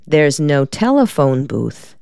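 A woman reading the part of a quick-witted, sassy young female secretary in an audiobook, with a wry drawl. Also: low-pitched, very animated, gravelly, darkish tone, clear, resonant tone, dry recording, clean studio sound, full character voice.

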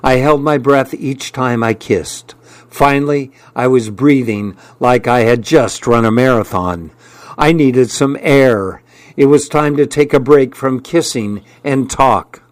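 A man narrating a first-person story as an audiobook, with measured storytelling. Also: medium pitch, dry recording.

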